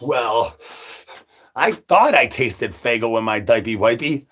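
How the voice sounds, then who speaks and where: Male livestreamer, breathy mid-pitched voice, absurd zombie-persona patter. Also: lively intonation, takes it slowly, fairly bright tone. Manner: rambling, silly catchphrases, sudden pitch jumps. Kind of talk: absurd live-stream banter.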